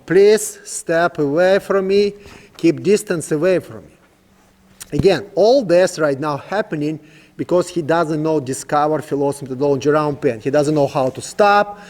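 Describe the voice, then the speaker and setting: Calm man coaching a horse, reverberant. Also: fairly high pitch. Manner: calm, coaxing commands to a horse, in simple non-native English. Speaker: horse trainer. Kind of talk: instructional demonstration.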